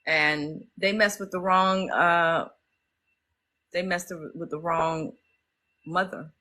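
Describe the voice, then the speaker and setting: A woman's voice: lowish voice, steady tone, slow, sharp tone, low-quality recording. A middle-aged woman, hosting a casual livestream and talking emotionally to her viewers. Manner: emotional, talks straight to viewers as y'all. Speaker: livestream host.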